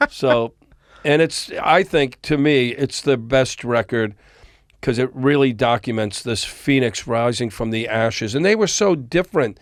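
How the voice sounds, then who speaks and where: A man in a podcast interview, spinning stories from his years in the music business and slipping into the voices of the people he quotes. His pitch sits in an ordinary middle range, and the sound is dry and close, with no room around it. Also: a little slow, no room sound. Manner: animated storyteller, acts out quoted dialogue. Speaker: podcast guest, music industry executive. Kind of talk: storytelling interview. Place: recording studio.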